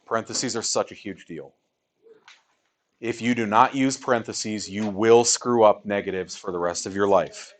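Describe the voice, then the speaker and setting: A man's voice: fairly low pitch, moderate pace. A man teaching a math class in a classroom, talking casually and chatty as he explains. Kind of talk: classroom lecture.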